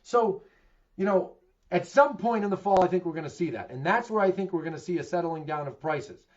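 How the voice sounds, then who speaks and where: A man's voice: high voice, animated, fairly quick. A middle-aged man with a Boston accent gives a candid real estate market update, asking himself questions and answering them emphatically. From Massachusetts. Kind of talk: direct-to-camera market commentary. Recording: dull lo-fi recording.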